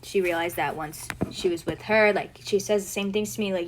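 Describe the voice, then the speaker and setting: A woman's voice: on the low side, steady tone, a little fast, few pauses, slight background noise, rough recording. A woman in casual chat who speaks in a flustered way and keeps losing her train of thought.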